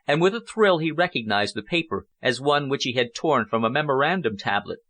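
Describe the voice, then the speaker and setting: The speaker is a man narrating a novel as an audiobook, working from a script. His mid-range voice moves in a steady, deliberate way.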